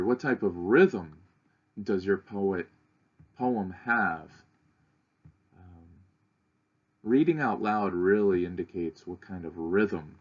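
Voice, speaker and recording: Brief: man, teacher, slow and patient delivery, lowish voice, dull lo-fi recording. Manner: unhurried, talks students through steps with frequent "uh". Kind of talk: online lesson for children.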